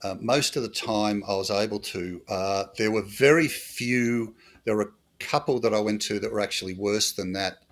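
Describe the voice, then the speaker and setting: A middle-aged Australian man with a low, deep voice tells stories from his years as a bush police officer. He is dry and humorous and says a lot of "uh" and "um" in an unhurried interview. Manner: dry humorous anecdotes with fillers. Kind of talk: storytelling interview.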